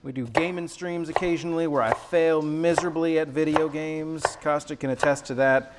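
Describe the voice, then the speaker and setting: A man's voice: on the high side, fairly even intonation, normal speed, very noisy. A man hosting a cooking livestream from his home kitchen, chatting to viewers in an upbeat, slangy, self-deprecating way. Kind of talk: casual livestream chat while cooking.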